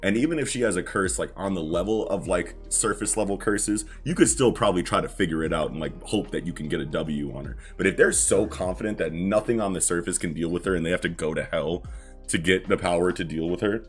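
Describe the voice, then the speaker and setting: Casting: deep-voiced young man, laid-back podcast co-host, casual and profane, faint music under. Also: fast talker. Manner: laid-back, swears freely, lots of fillers and laughs. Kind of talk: casual chat about manga.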